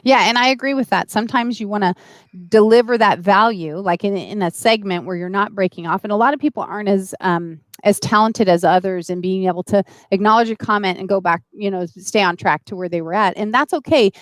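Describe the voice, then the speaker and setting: A woman's voice: medium pitch, brisk, dry recording. A woman hosting a live-stream interview, talking eagerly and speaking straight to her viewers. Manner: enthusiastic, addresses viewers directly. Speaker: host.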